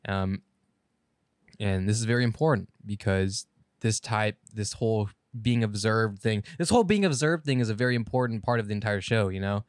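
A man's voice: lowish voice, moderate pace, no room sound, clean studio sound. A man co-hosting a podcast in casual chat, rambling through an anime plot, correcting himself and swearing casually. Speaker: podcast co-host.

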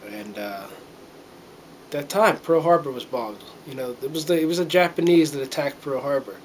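A man's voice: a little high, rough recording. Man, middle-aged, from the United States, earnest rambling monologue, lots of fillers, a bit choked up, handheld camera, faint background noise. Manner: rambling, earnest, halting with many fillers and restarts. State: a little choked up. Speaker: vlogger. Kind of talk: casual heartfelt monologue to camera.

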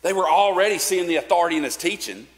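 A man's voice: high voice, lively intonation, fast. A man preaching a sermon in a casual, conversational way, with fillers and restarts. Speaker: pastor. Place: church sanctuary. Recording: long church reverb.

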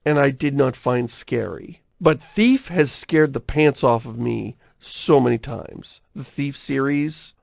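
Gravelly man rambling on a podcast. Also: medium pitch, slow, hardly any pauses, a little mellow, dry recording, studio quality. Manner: rambling, self-interrupting, laughs often; reads listener mail aloud. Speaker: podcast host. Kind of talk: casual podcast chat.

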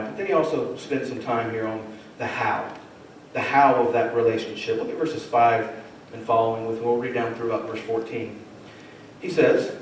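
A man preaching a sermon in a church, earnest and rising to fervent emphasis, with rhetorical asides to his listeners. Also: on the high side. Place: church sanctuary. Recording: very echoey church hall, distant mic.

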